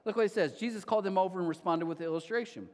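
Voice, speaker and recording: A man's voice: high-pitched, rapid-fire. A man, preaching a conversational sermon and acting out the voices of people he quotes. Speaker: pastor. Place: large church auditorium. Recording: long hall reverb.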